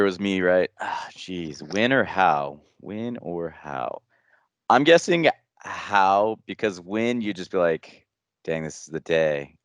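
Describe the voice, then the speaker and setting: A man hosting a casual chat who describes himself as loud and tells stories in an animated way. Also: lowish voice, dry recording. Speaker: podcast host.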